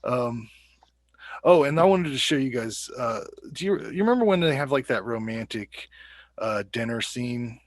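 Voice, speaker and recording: A man's voice: medium pitch, lively intonation, moderate pace, no echo. Casual male co-host, easygoing and profane, dry close sound. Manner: laid-back, swears freely, many ums and uhs. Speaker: podcast co-host. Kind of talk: casual movie discussion.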